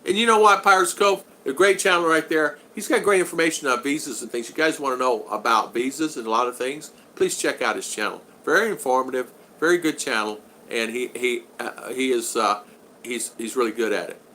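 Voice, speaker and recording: A man's voice: medium pitch, fairly quick, sharp tone, a little hiss or hum. A man in his sixties hosting a casual live stream at home, chatting loosely, reading out viewer comments and teasing regulars in a friendly way. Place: at home in the Philippines.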